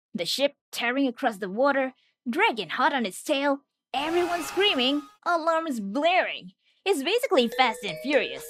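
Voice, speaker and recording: A woman narrating a scripted anime recap with jokey, wisecracking asides. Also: on the high side.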